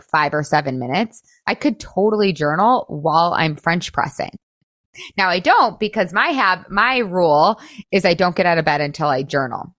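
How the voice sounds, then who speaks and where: A woman's voice: mid-range voice, fairly bright tone, dry recording, studio quality. A woman weight-loss coach talking to her listeners in a chatty, upbeat way, often saying "like" and laughing. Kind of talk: casual coaching talk.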